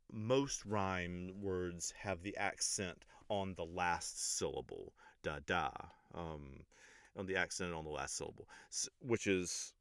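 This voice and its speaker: Casual English teacher, male, very low voice, rambling but pedantic explainer. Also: dry recording. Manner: pedantic but relaxed, many ums and restarts. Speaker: English teacher and music reaction host.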